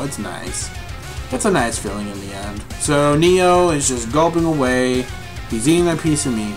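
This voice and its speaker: A young man reviewing a manga live, reading along and reacting to viewers with excitable, profane chatter. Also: on the high side.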